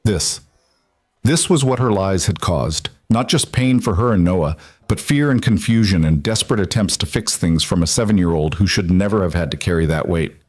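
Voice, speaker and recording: Man reading a sad family story, lowish voice, dry close sound. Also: animated, moderate pace, dry recording. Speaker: narrator. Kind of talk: scripted narration.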